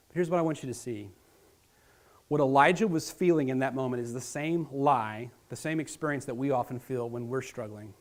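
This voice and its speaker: A man preaching a sermon as pastor, earnest and dramatic, talking straight to his listeners and swinging between loud emphasis and hushed near-whispers. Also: mid-range voice. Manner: earnest, direct address to listeners.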